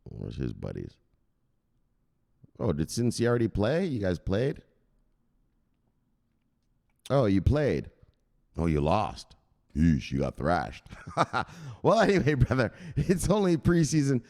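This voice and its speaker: A man hosting a crypto news vlog, brash and rowdy, swearing and shouting sound-effect words between headlines. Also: on the low side, huge pitch swings, slow pace, creaky, pauses often, big-room sound. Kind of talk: casual hyped commentary.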